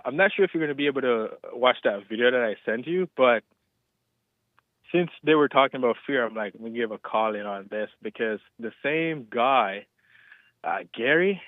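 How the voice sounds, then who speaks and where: A man's voice: mid-range voice, dry recording. Male caller from Canada, tinny phone line, dry, hesitant and easygoing. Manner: hesitant, laid-back, chuckling. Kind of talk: phone call-in chat.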